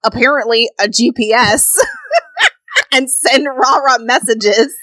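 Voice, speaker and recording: A woman's voice: on the high side, slow, bright, forceful tone, no echo. A woman co-hosting a podcast, teasing her partner and laughing often in casual chat. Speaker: podcast co-host and editor.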